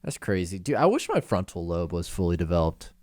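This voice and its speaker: Low-voiced young man, casual rambling chat. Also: big pitch swings, fairly quick, darkish tone, no echo. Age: 20s. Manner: rambling storyteller, self-deprecating, giggly. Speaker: podcast co-host.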